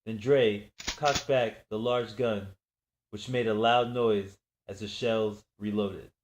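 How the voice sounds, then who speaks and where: A man giving steady first-person audiobook narration of a crime story. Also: lowish voice, slow pace, background noise.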